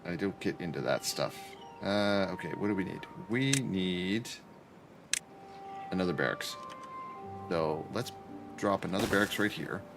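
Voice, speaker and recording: A man's voice: sits low, expressive, unhurried, long pauses, music in the background. Chatty man streaming a game. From Canada. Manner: chatty, joking, talks to chat while playing. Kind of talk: casual gaming livestream commentary. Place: his apartment.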